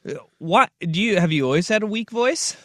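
Animated, playful male radio host. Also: high-pitched, fairly quick, no echo, studio quality. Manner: animated, playful, rambling storytelling. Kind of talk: casual radio chat.

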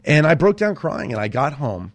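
A man in his forties from Southern California, a TV writer telling stories as a podcast guest in an animated way, often restarting his sentences. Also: fairly high pitch, normal speed, no room sound. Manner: animated, with frequent restarts and repeated words. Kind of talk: casual storytelling in an interview.

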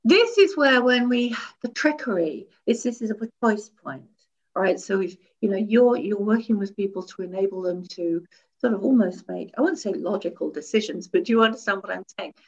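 A woman talking in an interview as a guest expert, animated, laughing often and demonstrating tones of voice while seated. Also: mid-range voice, moderate pace, lo-fi sound. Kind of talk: conversational interview. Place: seated indoors.

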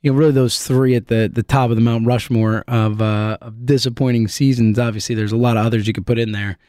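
A man hosting a sports talk show solo, ranting in an animated, sarcastic way. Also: medium pitch, fast, smooth, no echo, studio quality. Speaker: sports podcast host.

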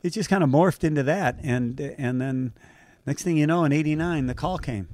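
An older man from Southern California telling stories in a relaxed interview, acting out the voices he quotes and laughing often. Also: fairly high pitch, normal speed, no room sound. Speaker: guest, race announcer. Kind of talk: casual interview storytelling.

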